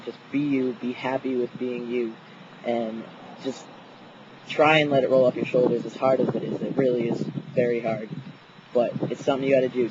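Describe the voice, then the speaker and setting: A man's voice: medium pitch, darkish tone, highs cut off, slight background noise. A young man telling a story outdoors in a casual, profane vlog, laughing often. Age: young adult. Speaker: vlogger.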